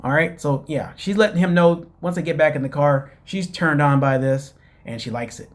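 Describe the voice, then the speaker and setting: A man's voice: fairly high pitch, normal speed. A man hosting his own show, casually recapping a reality TV episode and rambling with many fillers while calling his listeners "guys.". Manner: chatty, addresses listeners as "guys". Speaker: show host.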